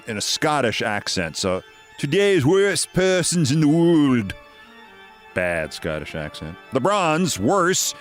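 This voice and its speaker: A man in his sixties hosting a political commentary show, with a sarcastic, theatrical delivery and emphatic swings in his voice. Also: fairly high pitch. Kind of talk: scripted sardonic commentary.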